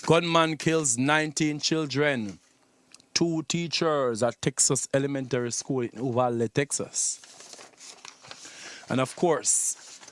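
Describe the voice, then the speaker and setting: Smooth-voiced playful radio host man. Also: medium pitch, no room sound. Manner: playful, loose and rambling, with many restarts and laughs. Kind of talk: casual entertainment news chat.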